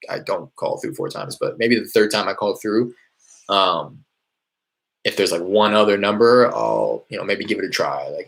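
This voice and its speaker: A man casually explaining how he makes cold calls, in a loose, rambling way with many fillers, from a small warm room. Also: on the low side, moderate pace, creaky, husky. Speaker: real estate wholesaler teaching cold calling. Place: small hot indoor room.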